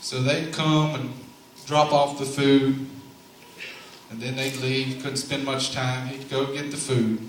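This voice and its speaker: A man's voice: medium pitch, flat delivery, slow, slight background noise. A man narrating a Bible story at a church play, in a homespun, drawling way with preacher-like asides. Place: large church sanctuary. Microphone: far camera. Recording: very echoey hall, recorded from far off.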